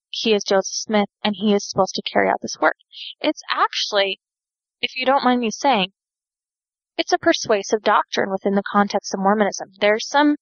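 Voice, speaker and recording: A woman's voice: medium pitch, no room sound, lo-fi sound. A woman hosting a podcast, explaining at length in a chatty way with wry asides to listeners. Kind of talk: casual explanatory talk.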